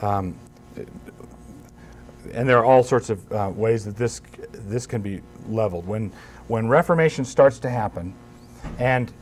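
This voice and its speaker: A man's voice: fairly low pitch, unhurried, long pauses. Man, pastor, conference talk, emphatic, wry, conversational.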